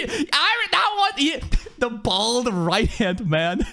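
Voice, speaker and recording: A young man streaming an anime reaction, excitable and profane, cheering, shouting and laughing at the screen between calmer remarks. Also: very high voice, takes it slowly. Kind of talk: live anime reaction commentary.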